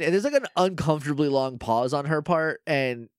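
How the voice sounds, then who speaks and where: A man's voice: fairly high pitch, lively intonation, brisk, dry recording, studio quality. A man co-hosting a podcast, recapping a TV episode in casual chat and playfully acting out the characters' lines as he goes. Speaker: podcast co-host.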